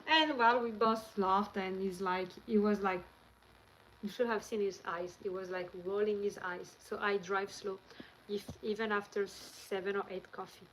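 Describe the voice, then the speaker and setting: A woman's voice: mid-range voice, fairly even intonation, a little slow, a bit bright, low-quality recording. A woman from France with a French accent, hosting a live stream and telling rambling, chatty stories into her handheld phone. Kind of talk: casual live-stream chat.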